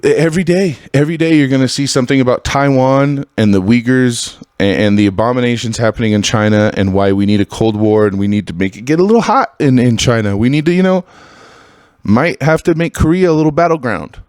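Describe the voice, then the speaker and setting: A man hosting a podcast in a casual, heated monologue, swearing freely and swinging between loud outbursts and low mutters. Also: animated, a little fast, clean tone, dry recording, clean studio sound. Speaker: podcast host.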